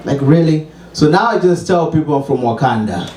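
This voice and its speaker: This stand-up set features a man with a Zimbabwean accent poking fun at himself at a small open mic, chuckling here and there. His voice is on the high side, mellow, animated and fairly quick; the distant mic catches room echo and a little hiss or hum.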